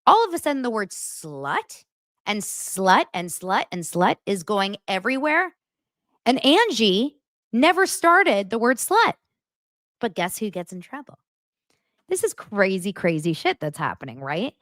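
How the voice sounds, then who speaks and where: Animated, gossipy woman host. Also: mid-range voice, a little slow, no room sound, clean studio sound. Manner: animated, gossipy, swears casually. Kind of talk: casual reality TV recap.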